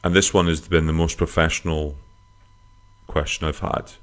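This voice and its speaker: Low-voiced bloke, comic podcast host, rambling and crude, jumps into squeaky bits for jokes. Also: male voice, flat delivery, moderate pace. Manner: rambling, crude, self-mocking humor with sudden high-pitched jokey swings. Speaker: podcast host answering listener questions. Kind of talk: casual comic podcast monologue.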